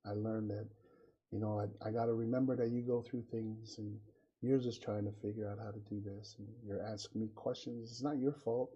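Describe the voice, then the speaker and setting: Dark, husky man in lo-fi sound. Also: lowish voice, steady tone, fairly quick. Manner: affirming, reflective, says "right" often. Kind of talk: casual chat. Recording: dull lo-fi sound.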